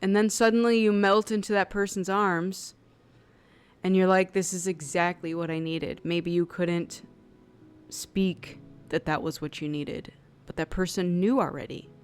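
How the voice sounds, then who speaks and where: A woman's voice: mid-range voice, a little slow, clear, resonant tone. A woman giving an intuitive tarot reading in a casual, conversational way, filling her talk with "like" and acting out quoted people. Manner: conversational, chatty with many "like" fillers; acts out quoted people in lively voices. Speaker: tarot reader.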